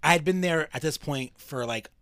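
A man's voice: on the high side, moderate pace, fairly bright tone, no room sound. A man co-hosting a podcast, telling ghost stories in casual chat with lots of restarts and fillers. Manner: rambling, with frequent restarts and fillers. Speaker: podcast co-host.

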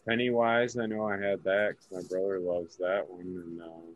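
A man's voice: sits low, little pitch movement, moderate pace, lo-fi sound. A man in casual chat, rambling and trailing off as he searches for words.

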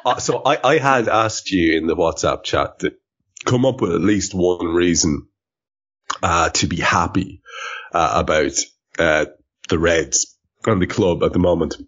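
Male podcast host, deep voice, rambling filler-heavy chat, dull lo-fi sound. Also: a little slow, a bit bright, husky. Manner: rambling, full of fillers and swearing.

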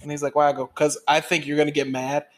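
A man's voice: on the high side, level tone, fast talker. A man co-hosting a casual podcast from home, talking in a blunt, dry, matter-of-fact way. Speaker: podcast co-host, service member. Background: dogs at home.

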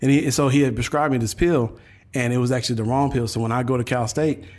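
A man with a medium-pitched voice, a guest on a casual podcast. He talks animatedly and keeps restarting his sentences as he tells his story. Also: fairly even intonation, quick pace, a little mellow. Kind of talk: casual chat.

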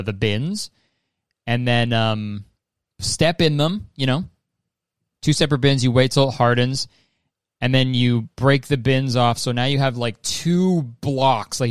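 A man's voice: medium pitch, clean tone, no room sound, studio quality. A man hosting a podcast in casual, rambling chat, swearing freely and laughing often. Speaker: podcast host.

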